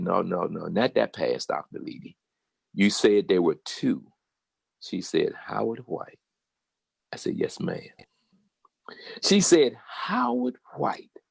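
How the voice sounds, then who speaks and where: An older man with a Southern American accent telling a personal story in a casual, animated way and acting out the voices of the people he quotes. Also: deep voice, creaky, husky, dry recording. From Virginia. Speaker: guest storyteller.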